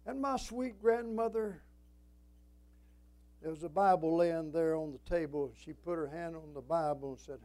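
Older male preacher with a high voice. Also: moderate pace, darkish tone, low-quality recording. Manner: folksy, emphatic preaching with scripture quotes. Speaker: pastor. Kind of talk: sermon.

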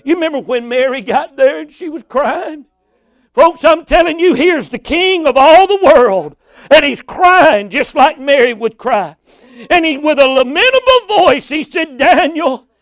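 A man preaching with fervor, his voice sitting very high for a man. He reads scripture steadily, then swells into shouts and cries. The sound is close and dry. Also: animated, unhurried, dry recording. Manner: impassioned, rising to shouts and cries. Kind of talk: sermon.

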